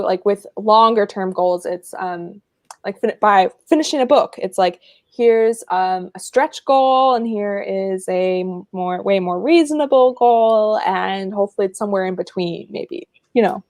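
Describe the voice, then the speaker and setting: A woman's voice: medium pitch, measured pace, a little mellow, dry recording. Agreeable woman guest chatting. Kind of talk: casual chat on a livestream.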